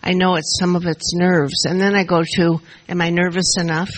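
A woman's voice: fairly low pitch, little pitch movement, normal speed, slight background noise, rough recording. An older woman sharing her story at a recovery meeting, emotional and a little nervous, speaking into a shared mic. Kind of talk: personal testimony to a group. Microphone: shared handheld mic.

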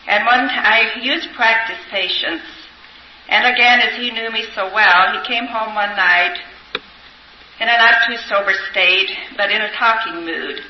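Woman, older, earnest personal testimony, hesitant pauses, echoey room, faint hiss. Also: medium pitch. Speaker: speaker sharing recovery story. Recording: roomy, dull older recording.

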